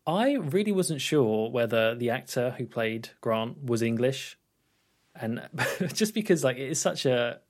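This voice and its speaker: A man's voice: medium pitch, lively intonation, unhurried. Laid-back man chatting on a film podcast. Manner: laid-back, hesitant, many ums and restarts, laughs often. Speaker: podcast co-host. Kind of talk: casual film review chat.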